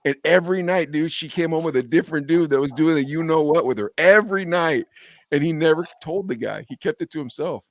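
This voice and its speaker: A young adult man hosting a podcast, telling a story with animated quoted dialogue in casual chat. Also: fairly high pitch, fairly quick. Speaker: podcast host.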